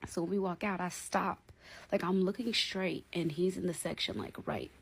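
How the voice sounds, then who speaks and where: A young adult woman telling a casual storytime in a blunt, animated, slangy way, often checking in with her viewers. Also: on the low side, normal speed, breathy edge.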